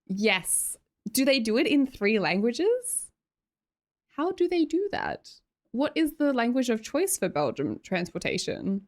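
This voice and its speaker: A young Australian woman from Sydney streaming casual chat, chatty, laughing often and trailing off mid-sentence. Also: fairly high pitch. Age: young adult. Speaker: live streamer.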